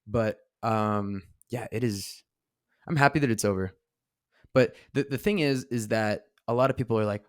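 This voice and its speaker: A man's voice: on the low side, moderate pace, dry recording. Guy cohosting a chill podcast, rambly with tons of "like" and restarts, dry mic. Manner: rambling, lots of filler words and restarts. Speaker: podcast co-host. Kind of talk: casual podcast chat. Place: studio seated across from co-host.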